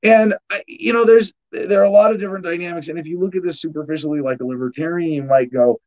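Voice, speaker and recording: A man's voice: a little high, fast talker, few pauses, darkish tone, muffled recording. A man hosting a podcast, reading headlines and riffing on them sarcastically, with frequent restarts and laughs. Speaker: podcast host. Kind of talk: casual news commentary.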